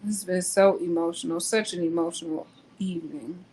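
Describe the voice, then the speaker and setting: A woman hosting a casual live talk, pausing often with ums and restarts. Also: fairly low pitch, fairly even intonation, a little mellow, husky, low-quality recording. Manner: slow, hesitant, many ums and restarts. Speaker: host.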